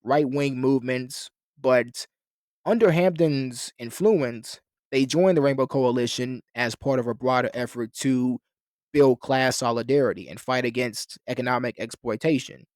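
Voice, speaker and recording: A man's voice: mid-range voice, a little mellow, no room sound. Man lecturing in a dry, close sound. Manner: talks in long explanatory sentences with restarts and fillers. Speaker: lecturer on a philosophy channel. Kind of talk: explanatory history lecture.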